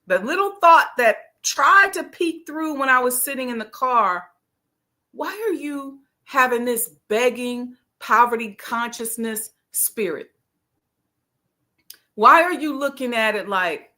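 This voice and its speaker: A middle-aged woman tells a personal story in a relaxed, conversational way, acting out her own inner voice. Her voice is bright and sits a little high, and fillers run all through her talk. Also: unhurried. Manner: casual, conversational with frequent fillers. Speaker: host, life coach. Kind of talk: storytelling monologue.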